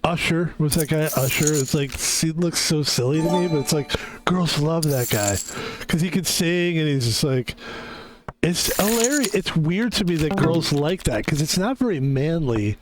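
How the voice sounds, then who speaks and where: Over game music and a noisy background, a male gamer with a fairly high, lively voice talks at normal speed during his stream. His casual chat rambles along wearily, packed with filler words.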